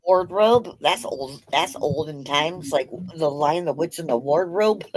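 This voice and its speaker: A woman's voice: low-pitched, slow pace, low-quality recording. A woman from Minnesota chatting casually on a livestream, joking and swearing, laughing often. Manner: joking, profane, laughs a lot. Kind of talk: casual chat.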